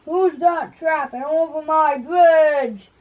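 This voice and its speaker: A woman doing a slow, hungry water dragon. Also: high-pitched, lo-fi sound. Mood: threatening. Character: big terrible hungry male water dragon.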